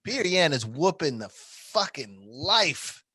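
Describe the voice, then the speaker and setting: A man's voice: on the high side, sing-song, takes it slowly, pushed and bright, husky, no echo. A man co-hosting a podcast, telling rambling, profane stories in casual chat and laughing often. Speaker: podcast co-host.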